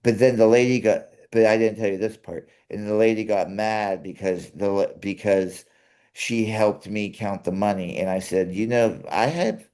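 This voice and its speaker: A young man co-hosting a casual chat, earnest and halting, often restarting his sentences. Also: on the low side, dark tone. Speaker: co-host.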